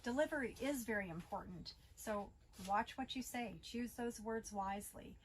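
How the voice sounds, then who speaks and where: Woman explaining safety training, measured. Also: fairly high pitch, a little hiss or hum, rough recording. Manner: measured, instructional, occasional fillers. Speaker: school bus safety trainer. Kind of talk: training video presentation.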